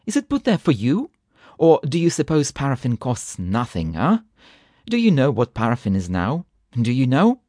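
A man voicing a stingy, scolding housekeeper woman who rails angrily and talks fast. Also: mid-range voice, wildly swooping pitch, a little mellow, no echo, clean studio sound. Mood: furious scolding. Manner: angry, rapid, railing.

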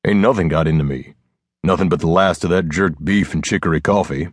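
Brief: male narrator as a hulking Appalachian-accented outlaw, dull grunting low baritone, terse and blunt, dry close sound. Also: fairly quick, no room sound. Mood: gruff. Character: gruff burly male backwoods outlaw.

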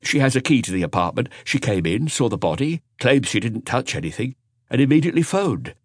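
A man's voice: mid-range voice, very animated, a little fast, no echo, studio quality, voice pushed up. A man reading an audiobook, voicing a timid young police inspector who reports nervously and stumbles over words. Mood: reporting. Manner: nervous, stammering.

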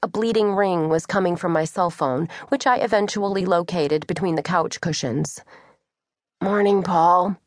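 A woman's voice: on the low side, normal speed, few pauses, dry recording. A woman reading a first-person novel as an audiobook narrator, in a wry, conversational way. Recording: dry studio.

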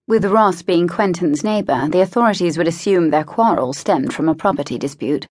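A woman narrating a historical romance audiobook in a measured, even manner. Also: fairly low pitch, no room sound, studio quality. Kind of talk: scripted narration.

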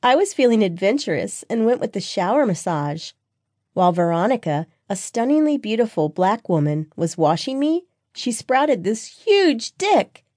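A woman's voice: fairly high pitch, very animated, moderate pace, a little mellow, no room sound, clean studio sound, voice pushed up. A woman voicing a bubbly, giggly best friend. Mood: gossipy. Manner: giggly, gushing, breathless.

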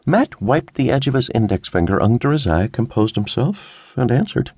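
A man narrating a detective audiobook in measured storytelling. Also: medium pitch, very animated, darkish tone, slightly rough, no room sound. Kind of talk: scripted narration.

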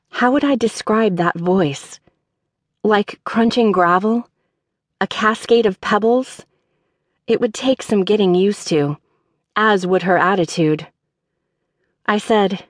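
A woman's voice: mid-range voice, no echo, studio quality. Wry woman narrating an audiobook. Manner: wry, measured first-person storytelling. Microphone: studio microphone.

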